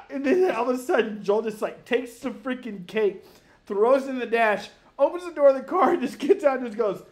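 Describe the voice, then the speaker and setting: A man co-hosting a podcast, telling a story in casual chat, acting out quotes and laughing often. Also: a little fast. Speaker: podcast co-host. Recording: low, muffled soundboard audio.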